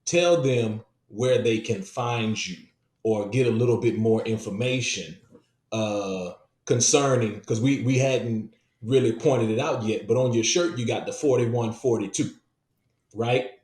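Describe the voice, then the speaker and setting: A man's voice: medium pitch, measured pace, darkish tone. Host role: man with a mid-range voice, encouraging, recorded in an echoey room. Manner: encouraging, affirming. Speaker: podcast host. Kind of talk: interview hosting.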